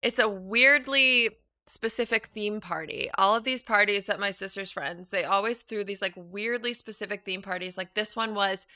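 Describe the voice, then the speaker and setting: A woman in her thirties chatting as a guest, telling an animated story full of fillers and acted-out quotes. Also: mid-range voice, moderate pace, dry recording. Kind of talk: casual chat, storytelling.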